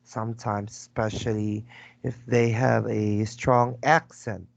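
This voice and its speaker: Over a video call with dull lo-fi audio, a man teaches an English lesson, patiently prompting his student and repeating words. His voice is lowish, flat and slow with vocal fry, and there's no room sound.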